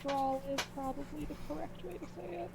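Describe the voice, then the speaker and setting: High-voiced woman player, relaxed and joking, over a noisy hum. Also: brisk. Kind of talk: casual stream chat.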